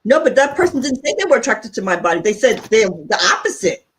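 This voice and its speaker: Middle-aged woman, podcast co-host; candid, animated storyteller, pitch jumps when she gets riled. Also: fast talker, a little hiss or hum. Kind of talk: candid casual chat.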